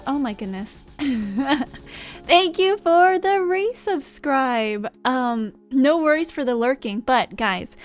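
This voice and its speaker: A woman live streamer chatting casually with her viewers in a bubbly, rambling way, thanking people in chat. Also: high voice.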